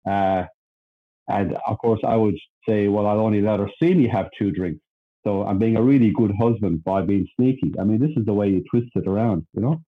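A man's voice: lowish voice, a little fast, narrow, tinny audio. An Irish man, a podcast guest, telling his own story in a plainspoken, self-deprecating way. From Ireland. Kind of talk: candid storytelling chat.

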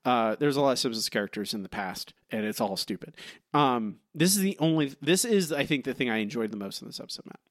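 A man co-hosting a podcast, ranting in an animated, incredulous way in casual chat. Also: medium pitch, quick pace, no echo, studio quality. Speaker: podcast co-host.

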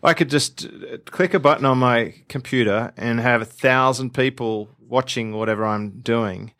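A man co-hosting a business podcast, talking in relaxed casual chat with teasing banter. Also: medium pitch, moderate pace. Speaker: podcast co-host.

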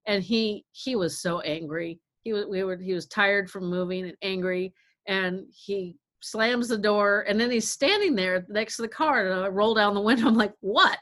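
Middle-aged woman, casual storyteller, animated, acts out dialogue. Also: mid-range voice, normal speed. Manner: animated, acts out quotes, laughs often. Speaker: guest caregiver.

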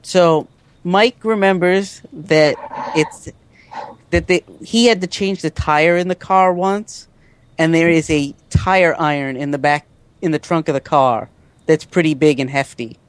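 A man running a tabletop role-playing game as game master, describing scenes in halting, restarting narration. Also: on the high side, fairly even intonation, smooth, no echo.

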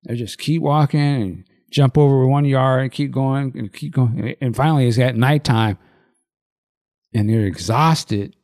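A male podcast co-host retells a movie in vivid, profane detail, acting out the quotes and laughing as he goes. His voice is mid-range and unhurried, and his storytelling is animated.

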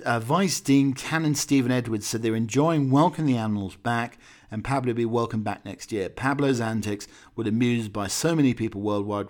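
A man hosting a chatty talk show, reading odd news stories with rambling asides and chuckles. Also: mid-range voice. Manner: rambling asides, chuckling, filler-heavy tangents. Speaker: radio show host. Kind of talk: chatty news-story banter.

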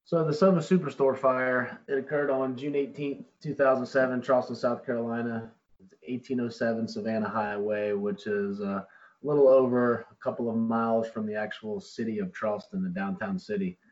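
A man's voice: medium pitch, fairly even intonation, fairly quick, a little mellow. A man, a firefighter, recounting events in a plain, matter-of-fact way. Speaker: firefighter guest. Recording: dull, lo-fi.

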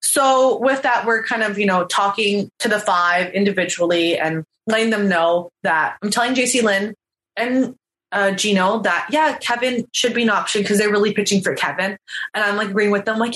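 A woman telling her story in a casual interview, animated and acting out what people said. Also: medium pitch, normal speed. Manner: animated storyteller, acts out quotes. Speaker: reality show contestant. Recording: echoey room.

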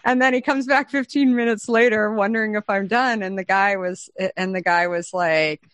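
A middle-aged woman, a company founder and interview guest, telling a story in a chatty, lively way, full of fillers and acted-out quotes. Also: medium pitch, normal speed, no echo. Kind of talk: anecdotal storytelling in conversation.

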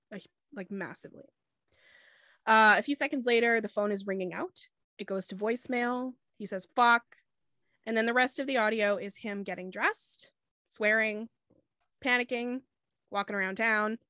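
A woman's voice: medium pitch, fairly bright tone, dry recording, clean studio sound. A woman hosting a podcast, telling a true crime case in a casual, matter-of-fact way with fillers and asides.

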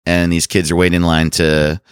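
A young man with a lowish voice rambles through a profane anecdote, filling it with "uh" and "like" in easy podcast chat. He sounds close and dry, with no room around him. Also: level tone, a little fast, smooth, dry recording. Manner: rambling, profane anecdote telling with many fillers. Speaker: comedian guest. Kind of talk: casual storytelling chat.

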